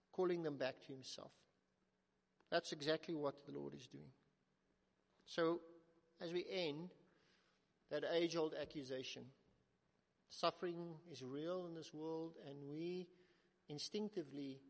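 High-voiced earnest male preacher, reverberant hall. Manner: earnest, rising to emphatic then dropping to soft, slow quotes. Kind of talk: sermon.

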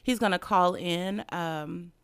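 A woman's voice: lowish voice, takes it slowly, fairly bright tone, clear, resonant tone, no room sound, studio quality. A woman hosting a radio show, chatting playfully and laughing often. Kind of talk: casual radio chat.

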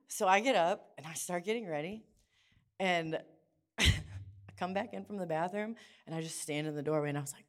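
A middle-aged woman preaching in church, telling a lively personal story and acting out the dialogue in hushed and excited voices. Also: fairly low pitch, a little fast. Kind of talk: sermon with storytelling.

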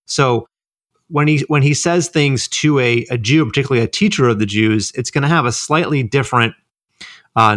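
A man co-hosting a ministry podcast, explaining Bible passages in a relaxed way with lots of fillers. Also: medium pitch, no echo, clean studio sound. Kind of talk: conversational Bible teaching.

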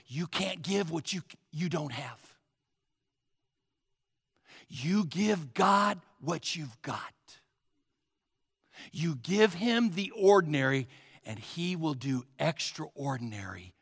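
A man's voice: a little high, expressive, takes it slowly, vocal fry, pauses often, fairly bright tone, breathy edge, in a large hall. A man preaching a sermon as pastor, emphatic and urging his listeners to write points down.

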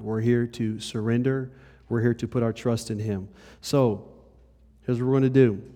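A male pastor giving a conversational sermon. He moves between lively and hushed delivery and speaks straight to the congregation. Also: medium pitch. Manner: conversational preaching, shifts between animated and hushed. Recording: long hall reverb.

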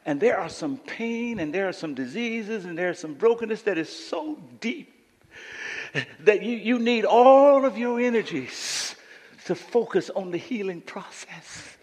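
A man's voice: high voice, animated, measured pace, a little mellow, slightly rough, in a large hall. A man preaching a sermon as pastor, emphatic, often repeating words as he restarts his sentences. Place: church sanctuary.

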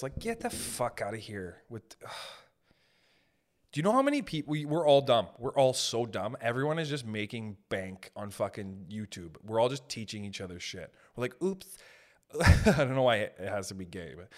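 A young man rambles through a profane solo comedy rant on his podcast, slipping into quick exaggerated voices. His pitch sits in the middle but swings widely as he riffs. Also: animated. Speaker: podcast host.

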